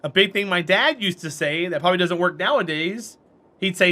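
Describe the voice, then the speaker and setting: A man's voice: sits high, fairly quick, pushed and bright. A man chatting casually on a live stream while playing a game, rambling and answering chat.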